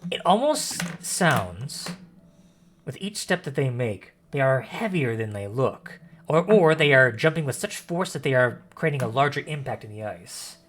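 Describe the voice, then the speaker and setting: A man narrating a tabletop game as game master, expressive and pausing often to correct himself. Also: medium pitch, slight background noise. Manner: expressive narration with frequent self-corrections and fillers.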